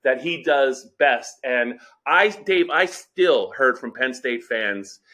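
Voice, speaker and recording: A man's voice: medium pitch, animated, slow, bright, forceful tone. A man co-hosting a sports podcast in casual chat, emphatic and opinionated.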